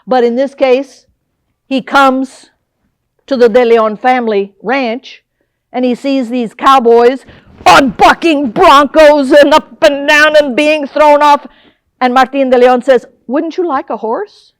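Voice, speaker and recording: An older woman giving a lively history lecture, often putting questions to the audience. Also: high voice, takes it slowly, smooth, dry recording. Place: lecture hall.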